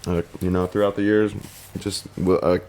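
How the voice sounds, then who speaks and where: A man's voice: low-pitched, little pitch movement, moderate pace, a little mellow. A young man chatting casually as a podcast guest, hesitant with lots of fillers. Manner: hesitant, many fillers and restarts. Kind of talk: casual chat.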